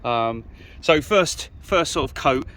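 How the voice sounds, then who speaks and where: A man's voice: medium pitch, expressive, slow, a bit bright. A British man with an easygoing manner, giving casual commentary while he works on a car outdoors on a windy day. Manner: easygoing, thinks aloud with fillers. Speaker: car restoration vlogger.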